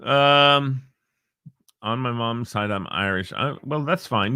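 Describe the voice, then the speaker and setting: A man's voice: mid-range voice, takes it slowly, pushed and bright, clear, resonant tone, dry recording, studio quality. A middle-aged man hosting a live online show, chatting casually, joking and reading out viewers' names. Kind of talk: casual live-stream chat.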